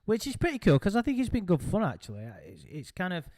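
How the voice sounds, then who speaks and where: A man's voice: high voice, wildly swooping pitch, fast talker, a little mellow, no room sound, clean studio sound. A man hosting a casual chat, rambling and hesitant with frequent ums. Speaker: podcast host.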